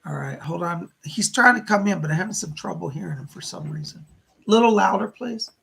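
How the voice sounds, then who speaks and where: A man's voice: sits high, expressive, brisk, a bit bright. A middle-aged man doing a live psychic reading, who passes on spirit messages as quotes and keeps repeating "he said". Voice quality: gravelly. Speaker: psychic medium.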